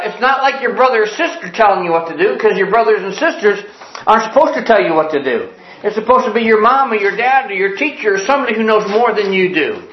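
A man's voice: high-pitched, roomy sound, muffled recording. An older man preaching a sermon as a pastor, telling folksy classroom stories to make his points. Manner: folksy storytelling with classroom examples.

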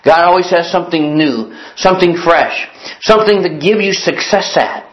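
Male preacher, slightly high voice, earnest and repetitive, echoey dull recording. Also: normal speed. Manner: repeats key lines for emphasis; earnest, storytelling delivery. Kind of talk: sermon.

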